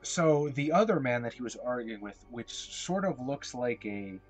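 A man narrating as storyteller of a tabletop game, self-deprecating and hesitant, often pausing on fillers. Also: mid-range voice, lively intonation, soft background music.

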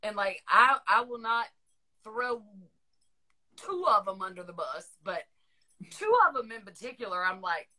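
Woman, middle-aged, Southern US accent, podcast host, chatty and rambling, bright clear tone. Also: medium pitch, measured pace, pauses often. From Northern Virginia, USA. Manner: chatty, rambling, laughs often. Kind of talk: casual chat.

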